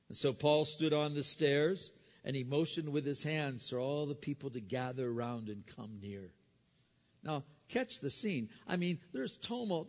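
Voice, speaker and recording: A male pastor tells a Bible story as a sermon, in a fairly high voice and an animated storytelling manner. He often trips over his words and repeats them as he goes. The recording sounds muffled and lo-fi, with a long reverb from a large hall.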